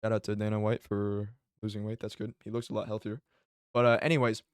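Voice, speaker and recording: A man giving casual reaction commentary on fights, excitable and profane, often bursting into exclamations. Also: lowish voice, fast, clean tone, no room sound, studio quality. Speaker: MMA commentary YouTuber.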